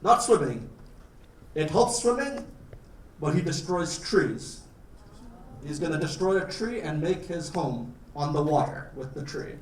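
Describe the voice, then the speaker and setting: A man from Canada with a slightly high voice lectures a class about his home country. He keeps his wording simple and jokes as he goes. The sound is roomy and he stands away from the mic. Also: lively intonation, a little slow, slight background noise. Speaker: guest lecturer. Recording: roomy, distant classroom recording.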